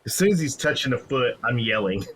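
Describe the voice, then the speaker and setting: Brash male player, bright voice. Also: mid-range voice, lively intonation, fairly quick, husky. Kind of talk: casual game table talk.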